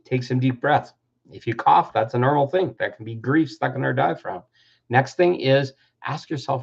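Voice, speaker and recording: A man in his fifties gives an earnest, reflective talk on personal growth, sometimes acting out the voices of people he quotes. His mid-range voice is creaky, husky, and a little mellow at a normal speed, captured in a dull lo-fi recording.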